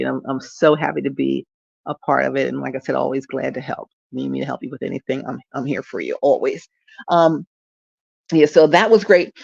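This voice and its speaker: Gravelly-voiced woman chatting upbeat from bed. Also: sits low, dry recording, highs cut off. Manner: upbeat, rambling, laughs often. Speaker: traffic reporter and streaming host. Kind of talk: casual direct-to-camera vlog. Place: at home, lying down.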